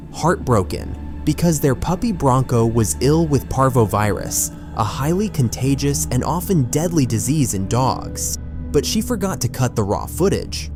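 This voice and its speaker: A man narrating a documentary in a critical, emphatic storytelling manner. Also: medium pitch. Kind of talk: scripted narration.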